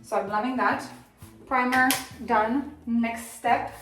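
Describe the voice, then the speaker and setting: A woman chatting through a casual beauty product review, excitable and self-deprecating about her makeup skills. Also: on the high side, slow pace, distant mic. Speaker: beauty vlogger. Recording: roomy echo, off-mic, faint music.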